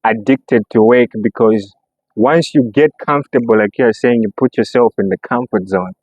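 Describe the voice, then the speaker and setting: A man hosts a casual podcast, talking eagerly with lots of restarts and backing up his guest with frequent listening sounds. His voice sits at a medium pitch. The sound is dry and a bit muffled. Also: normal speed, a little mellow, no room sound. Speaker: podcast host.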